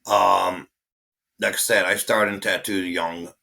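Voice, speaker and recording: A man, a guest telling stories casually, animated and swearing as he acts out what people said. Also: low-pitched, slow, vocal fry. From Israel. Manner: animated, swearing, acting out quotes. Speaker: guest, tattoo artist. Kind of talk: casual storytelling.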